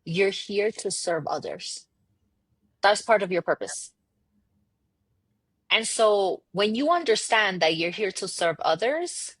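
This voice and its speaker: A woman speaks as a podcast guest in a husky, slightly breathy voice, recorded close and dry. She talks in a lively, emphatic way, slipping into quoted dialogue and doubling back on her words to drive a point home. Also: mid-range voice, no room sound. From United States, daughter of immigrants. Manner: animated storyteller, acts out quoted dialogue, emphatic repetitions. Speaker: podcast guest, marketing entrepreneur. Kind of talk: casual conversational interview.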